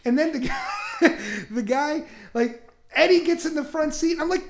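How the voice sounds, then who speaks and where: Casual male co-host, animated, profane storyteller. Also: extremely high pitch, a little slow.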